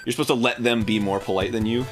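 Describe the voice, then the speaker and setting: A man's voice: medium pitch, steady tone, fast, soft background music. A man co-hosting a comedic chat, rambling and swearing as he rants about everyday annoyances. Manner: rambling, profane, exasperated ranting. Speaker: podcast co-host.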